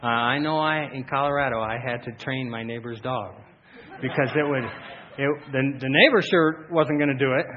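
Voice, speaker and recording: A man preaching a sermon as pastor, telling stories animatedly with frequent laughs and loud shouted bursts. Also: medium pitch, moderate pace, a little hiss or hum. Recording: dull lo-fi sound, faint room ambience.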